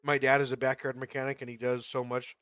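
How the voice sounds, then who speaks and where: A man's voice: medium pitch, monotone, quick pace, fairly bright tone, smooth. A man chatting casually on a livestream while he plays, laughing often as he tells stories.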